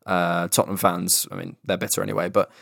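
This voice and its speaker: A man's voice: sits low, little pitch movement, quick pace, gravelly, a bit bright, no echo, clean studio sound. A young man co-hosting a casual podcast, chatty and rambling, swearing casually. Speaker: podcast co-host. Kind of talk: casual chat.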